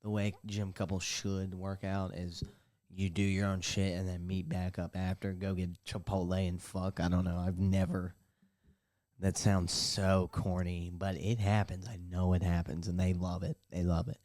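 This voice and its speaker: A man's voice: sits low, little pitch movement, normal speed, a little mellow. A young man hosting a casual solo podcast from his bathtub, telling a rambling, profane, self-mocking story. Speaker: podcast host. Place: bathtub at home.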